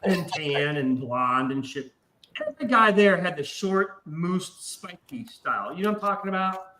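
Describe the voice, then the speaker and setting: Casting: middle-aged male host, profane rambling storyteller, bright voice, lively pitch. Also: normal speed, slight background noise, rough recording. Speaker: podcast host. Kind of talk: casual chat.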